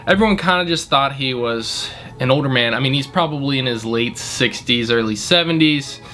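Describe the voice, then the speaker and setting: A man's voice: medium pitch, normal speed, sharp tone, soft background music. A young man, a restaurant manager, telling a story in a blunt, indignant, casual way and swearing freely.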